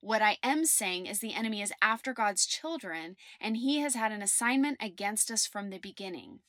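A woman's voice: mid-range voice, animated, moderate pace, fairly bright tone, no echo, clean studio sound. A woman giving an earnest devotional teaching, preaching emphatically and reading scripture aloud. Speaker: Christian teacher.

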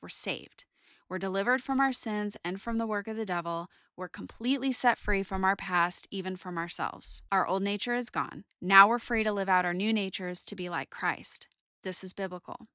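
A woman's voice: mid-range voice, normal speed, a bit bright, dry recording, studio quality. A woman in her forties giving devotional Bible teaching, earnest and conversational, reading scripture and telling stories from her own life.

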